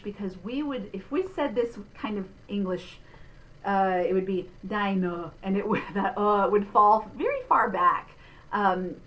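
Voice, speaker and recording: A middle-aged woman, a vocal instructor giving a clear, patient pronunciation lesson with spoken demonstrations. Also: mid-range voice, fairly bright tone, slight background noise, rough recording. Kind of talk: diction lesson.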